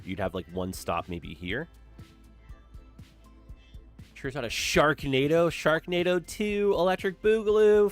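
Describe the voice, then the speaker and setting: A man's voice: medium pitch, a bit bright. A man streaming a city-building game, chatting casually and reacting with dramatic exclamations. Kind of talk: casual gameplay commentary.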